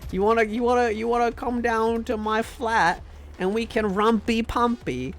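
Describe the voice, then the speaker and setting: A man's voice: very high-pitched, steady tone, moderate pace, pitched above the performer's own voice. A man voicing a crude young English lad with a put-on English accent, stammering leering come-ons.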